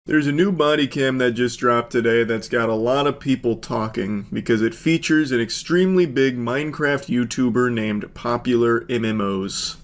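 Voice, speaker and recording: A man's voice: medium pitch, moderate pace, hardly any pauses. A man giving casual, sardonic, profanity-laced commentary.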